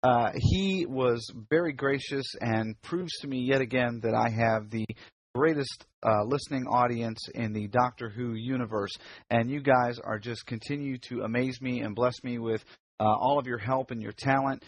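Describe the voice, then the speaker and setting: A man's voice: medium pitch, normal speed. A man hosting a fan podcast, talking in a chatty, casual way with lots of fillers and restarts. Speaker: podcast host. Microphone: computer mic on a video call.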